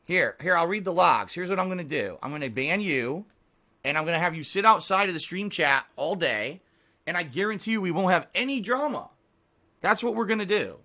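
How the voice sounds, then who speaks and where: A male streamer in a profane, heated rant at his viewers. His voice is tense and forceful, sitting a little higher than most men's. He talks off the cuff and is quick to fire back at chat. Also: expressive. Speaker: live streamer. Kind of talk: unscripted stream talk to chat.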